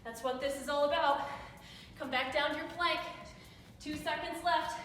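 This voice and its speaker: A woman's voice: sits high, fairly even intonation, normal speed, a bit bright, slight background noise. A young woman leading a workout, giving upbeat encouraging cues and counting down reps while out of breath. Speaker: fitness instructor. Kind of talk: live workout coaching. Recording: echoey room with reverb, mic far off.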